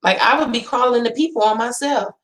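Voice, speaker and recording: A woman in her thirties with a Northern California accent, ranting casually to her viewers in a loud, profane, animated way. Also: fairly high pitch, brisk. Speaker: vlogger.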